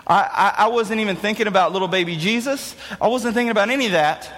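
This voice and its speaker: A young man giving a youth talk, spinning an animated, jokey story to an audience in a large hall. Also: high voice, fast talker. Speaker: youth speaker. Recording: echoey hall reverb.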